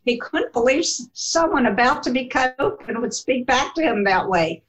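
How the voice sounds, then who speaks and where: A woman telling a personal story in an interview, animated and laughing as she goes. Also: high-pitched, normal speed, low-quality recording. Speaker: guest telling her life story.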